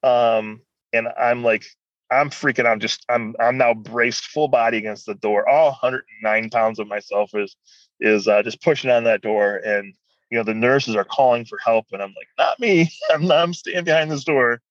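A man as a guest, telling a personal story in an animated, rambling way. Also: mid-range voice, moderate pace, no echo, lo-fi sound.

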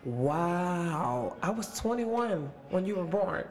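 A man's voice: high-pitched, sing-song, slow pace. Upbeat playful man in his late twenties. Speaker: actor interviewing young castmates. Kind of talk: casual backstage interview.

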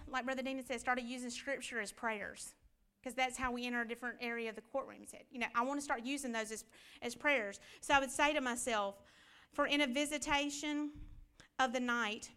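Woman Bible teacher, high, clear voice, conversational preaching style. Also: sharp tone. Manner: conversational preaching, rhetorical questions. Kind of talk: church Bible class teaching.

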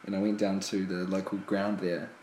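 A man's voice: deep voice, level tone, normal speed, a little mellow. A New man co-hosting a podcast, telling a rambling story with plenty of ums and hesitations. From New Zealand. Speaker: podcast co-host. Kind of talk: casual chat. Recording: echoey room, faint hiss.

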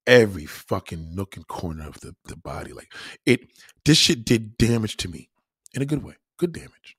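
A man's voice: fairly low pitch, sing-song, normal speed, a bit bright, slightly rough, no echo, studio quality. A young man hosting a livestream, ranting bluntly and profanely in casual talk, often restarting his sentences. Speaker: livestream host.

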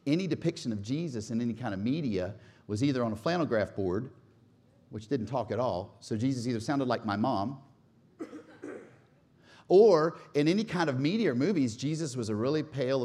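A man in his forties preaching a sermon with animated, humorous storytelling. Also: medium pitch, brisk. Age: 40s. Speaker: pastor.

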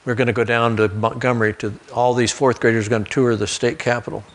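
In a church sanctuary, a male pastor delivers a sermon built on folksy personal stories and asides, now and then restarting a line. His voice is medium-pitched and fairly flat in intonation, and he talks fast.

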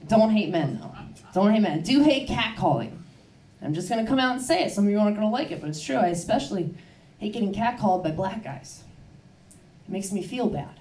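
A woman from Baltimore doing a loose, conversational stand-up set with deadpan punchlines. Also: medium pitch, a little fast. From Baltimore, USA. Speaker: stand-up comedian. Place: comedy club stage. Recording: roomy club sound from a distance.

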